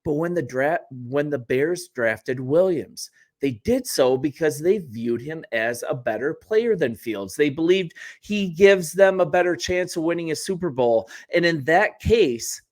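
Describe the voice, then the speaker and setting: A man's voice: on the high side, animated, a little slow. A man hosting a sports channel, talking casually to the camera in a chatty, wry way with joking asides and self-corrections.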